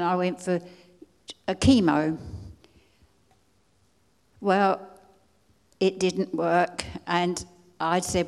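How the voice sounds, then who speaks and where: An older woman from England giving an earnest personal testimony at a conference, pleading and halting now and then as she restarts her words. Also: lowish voice, darkish tone. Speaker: conference speaker. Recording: long hall reverb.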